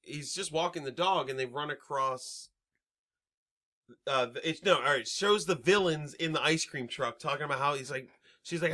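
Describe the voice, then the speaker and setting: A man's voice: on the high side, moderate pace, bright, forceful tone. A man co-hosting a podcast, recapping a movie plot in a rambling, profane way. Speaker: podcast co-host. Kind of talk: casual comedic chat.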